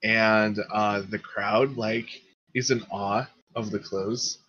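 A man narrating as game master of a tabletop game, in an animated, chuckling way. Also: on the low side, slow pace. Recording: dull lo-fi sound.

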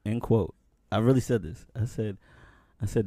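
This young podcast co-host has a lowish, husky voice with a dark tone and speaks at a moderate pace. He chats casually and tells stories, regularly saying "man, listen" as he starts and "you know what's so crazy." It's studio quality with no echo.

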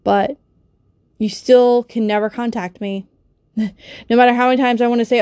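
A woman's voice: medium pitch, fairly even intonation, brisk, pauses often, mellow, clear, resonant tone, no echo. A young woman with a cold and a stuffy nose, ranting emotionally in a personal vlog, swearing and rambling with many fillers and restarts, recorded on a phone or built-in mic. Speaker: vlogger.

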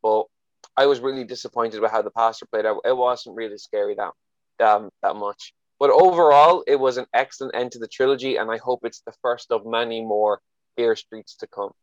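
A man co-hosting a horror podcast, picking his words slowly with plenty of fillers and false starts. He is recorded on a dull, lo-fi mic in a dry space with no echo. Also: medium pitch. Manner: hesitant, many fillers and restarts. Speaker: podcast co-host. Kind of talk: casual film review chat.

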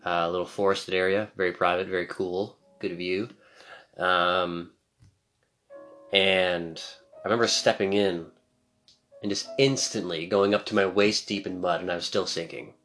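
A young man co-hosting a casual chat, telling a long story in a relaxed, rambling way and acting out the quotes. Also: deep voice, normal speed, soft background music. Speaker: podcast co-host.

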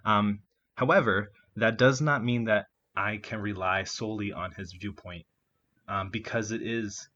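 Chatty young man, low voice, lo-fi. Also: measured pace, bright, forceful tone, a little hiss or hum. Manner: chatty, many fillers and likes, acts out quotes. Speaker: discussion partner. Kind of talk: casual book discussion.

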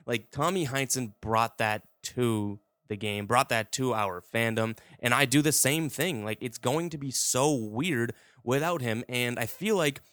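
A man's voice: medium pitch, a little slow, few pauses, fairly bright tone, dry recording, studio quality. A man hosting a podcast, talking in a rambling, heartfelt way with many fillers. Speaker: podcast host. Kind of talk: casual podcast monologue.

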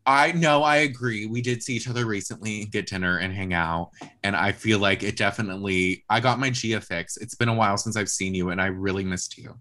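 A man's voice: lowish voice, fairly even intonation, a little fast, hardly any pauses, sharp tone. A young man co-hosting a chatty podcast, playful and teasing, laughing easily with his co-host. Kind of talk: casual chat.

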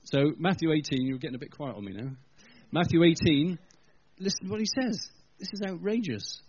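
A man's voice: fairly high pitch, lively intonation, fairly quick, darkish tone, husky, no echo. A man preaching a sermon at a church gathering, telling the story in a conversational way and speaking directly to the congregation. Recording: dull lo-fi recording.

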